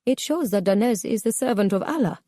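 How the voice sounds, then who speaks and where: A woman's voice: mid-range voice, animated, a little fast, dark tone, no room sound, clean studio sound, close to an everyday voice. A woman narrator voicing a stern, pious woman who speaks firmly and matter-of-factly.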